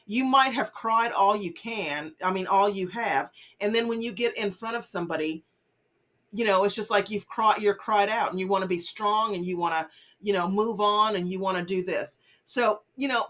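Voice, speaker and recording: Woman vlogger, mid-pitched, earnest casual commentary with lots of fillers. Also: fairly bright tone. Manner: earnest, many fillers, urges listeners not to judge. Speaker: vlogger host. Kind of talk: casual commentary on a news case.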